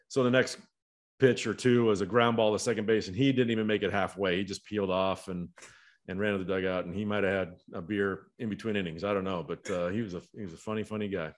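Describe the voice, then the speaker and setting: Guy with a lowish voice spinning old ballpark stories, chatty and loose. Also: steady tone, fast. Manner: rambling anecdotes with profane quoted voices. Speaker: baseball coach and former player. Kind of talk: casual podcast storytelling.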